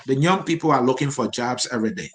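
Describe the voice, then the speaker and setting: A man's voice: mid-range voice, expressive, fast, fairly bright tone. A man hosting a live political interview, firm and scolding when he addresses viewers. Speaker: interviewer, show host.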